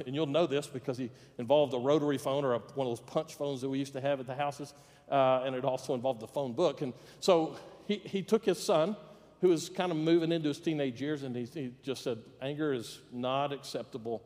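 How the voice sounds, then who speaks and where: A man's voice: mid-range voice, a little mellow. A man preaching a sermon as pastor, telling a story with humor and acting out the voices in it. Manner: storytelling, plays out quoted voices with jokes. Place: church sanctuary. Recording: long reverb of a church hall.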